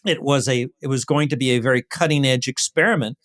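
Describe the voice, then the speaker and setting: A man from East Los Angeles, a scientist guest, telling his story in an interview with lively asides. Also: medium pitch, fast.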